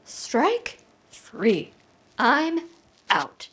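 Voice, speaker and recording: A young woman doing solo stand-up comedy at home, telling a story in an animated way that jumps to high shrieks when she acts out scenes. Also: very slow, husky. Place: apartment.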